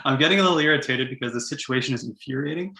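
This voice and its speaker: A young man from Canada co-hosting a casual podcast, spinning an animated story laced with "like" and quick laughs. His voice has a bright, forceful edge, and the sound bounces around a roomy space. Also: a little high, creaky, slight background noise. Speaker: podcast co-host. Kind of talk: casual chat.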